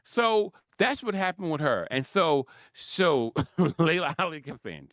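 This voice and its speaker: A man with a Philadelphia accent talking sports in a rambling, animated monologue, acting out quotes and laughing often. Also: on the high side, normal speed, dry recording, clean studio sound. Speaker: sports commentator host. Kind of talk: casual monologue.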